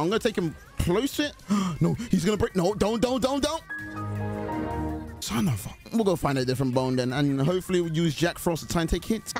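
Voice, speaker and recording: Young guy yelling through a horror game match, voice jumps all over, game music under it. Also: a little high. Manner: excitable, talks to teammates and the killer. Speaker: gaming YouTuber. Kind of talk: live gameplay commentary.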